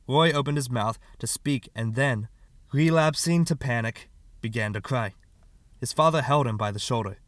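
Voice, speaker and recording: A man narrating an audiobook in a measured, steady reading. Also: medium pitch, no echo. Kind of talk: scripted narration.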